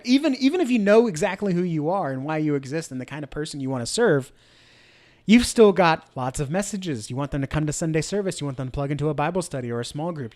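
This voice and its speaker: A middle-aged man hosting a church marketing show, talking energetically to camera with many rhetorical questions. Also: fairly high pitch. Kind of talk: instructional talk to camera.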